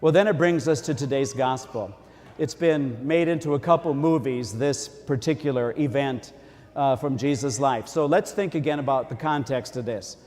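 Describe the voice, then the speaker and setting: A man's voice: medium pitch, moderate pace, darkish tone. A man preaching a sermon as a priest, in a folksy, conversational way. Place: church. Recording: long church reverb.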